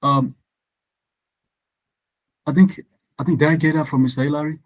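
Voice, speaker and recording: A man's voice: a little high, steady tone, normal speed, rough recording. Male tutor teaching an online class. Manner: explains step by step, checks if students can hear. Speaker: exam tutor.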